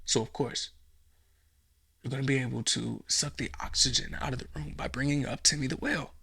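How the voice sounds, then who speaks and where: A man hosting a comedy podcast, ranting in a profane, rambling monologue and jumping into acted-out scenes. His voice is gravelly with a bright, forceful edge. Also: medium pitch, steady tone, fairly quick.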